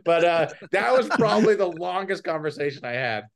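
A man's voice: sits high, very animated, brisk, creaky. A man co-hosting a podcast in casual chat, teasing his friends and repeating his lines. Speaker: podcast co-host.

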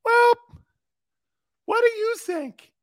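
A man doing a squeaky, whiny West Coast talker. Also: animated, slow, exaggerated voice. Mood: hesitant. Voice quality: high-pitched, squeaky, hesitant. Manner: fretful, whining, stammering.

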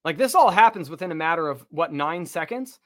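A man telling a story in casual chat, animated, swearing freely and acting out what people said. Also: a little high, fairly quick. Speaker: podcast guest telling a story.

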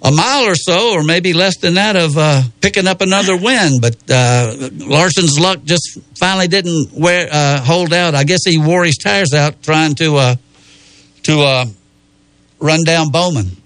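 A man hosting a casual racing chat, easygoing and a bit halting as he runs through everyone's picks. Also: a little high, fairly bright tone, dry recording. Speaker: host.

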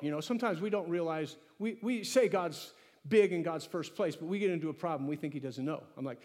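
A pastor delivers a lively sermon with a notably high male voice, acting out conversations with God as he goes. His words ring with a long reverb from the church sanctuary around him. He rises and drops in energy as he preaches. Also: fairly quick.

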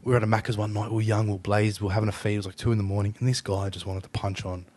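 Sweary, animated Australian man host. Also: lowish voice, racing. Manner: sweary, animated storyteller acting out quoted voices. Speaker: podcast host. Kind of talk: casual podcast chat.

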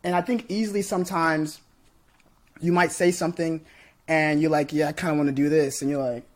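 A man's voice: a little high, steady tone, brisk. A man hosting a podcast, chatting casually with his guest in an emphatic, encouraging way. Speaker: podcast host. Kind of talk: casual interview chat.

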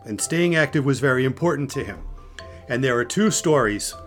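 An older man, a podcast host and grandfather, telling stories in a casual, animated way and often restarting his sentences. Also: mid-range voice, brisk, soft background music. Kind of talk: casual storytelling chat.

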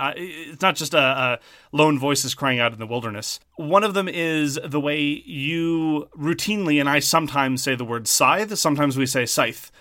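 Podcast co-host, male, Montreal Irish Anglo accent; bright, dry close sound; wry, fussy about words. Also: a little high, no echo. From French Canada. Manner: wry, wordy and pedantic. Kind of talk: casual podcast chat.

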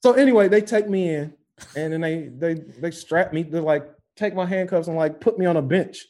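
A man telling a story in casual chat, animated and profane, acting out the voices of the people in it. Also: on the high side, normal speed. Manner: animated, profane, acts out voices in his stories.

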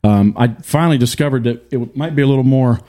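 A man's voice: medium pitch, fast, mellow. A man hosting a podcast in casual chat, joking and laughing easily. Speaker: podcast host.

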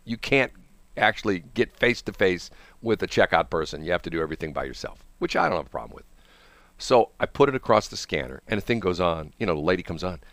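Lively low-voiced male radio host. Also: quick pace, no echo. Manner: animated, laughs often, acts out other people's lines. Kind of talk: casual storytelling chat.

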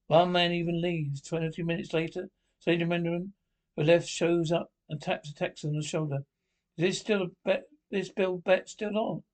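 A man with a gravelly voice reads pub jokes one after another, sitting a little higher than most men. He stumbles and restarts words often as he goes, the delivery plain and unpolished. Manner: halting read with frequent restarts. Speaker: joke teller. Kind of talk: reading jokes aloud.

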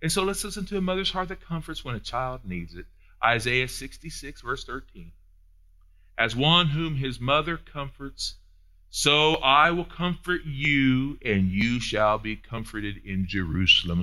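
A man delivers an animated sermon in a folksy, down-home way. His voice is bright and forceful and sits in a middle pitch. He swings from loud, high peaks down to soft, hushed asides. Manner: folksy, uses down-home phrasing. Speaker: pastor.

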